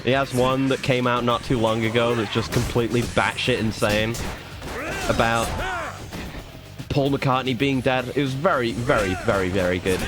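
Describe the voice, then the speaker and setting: A man's voice: medium pitch, moderate pace, music in the background. A young man streaming a game, rambling and swearing in a self-mocking, casual commentary.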